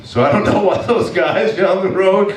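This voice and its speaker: A man from Maine preaching a sermon as pastor, telling a hunting story in an animated way and breaking into loud exasperated shouts. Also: sits high, normal speed, crowd noise. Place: church sanctuary. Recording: echoey church hall, from a distance, faint noise.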